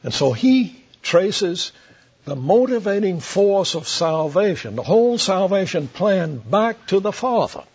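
A man preaching an expository sermon to a congregation, slow and deliberate, emphatic, with light asides to his listeners. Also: high voice, sing-song, a little mellow, breathy edge. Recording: dull lo-fi sermon recording.

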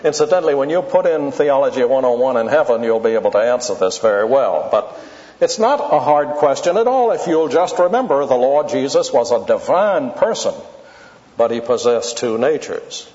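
A man giving an expository Bible lecture, deliberate and emphatic, stretching out key words for stress. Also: medium pitch, expressive, a little mellow. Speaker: Bible teacher. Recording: dull lo-fi tape in a reverberant hall.

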